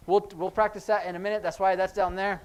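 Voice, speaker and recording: A man teaching a sign language class in a church classroom, explaining in a relaxed, conversational way with frequent ums. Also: high voice, fast, clean tone. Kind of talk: classroom lesson.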